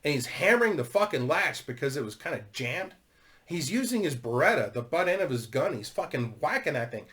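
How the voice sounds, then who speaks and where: Brief: male YouTuber, raised pitch, loose rambling storytelling, lots of swearing and laughing. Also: very animated, a little fast, fairly bright tone. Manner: swears constantly, laughs while telling.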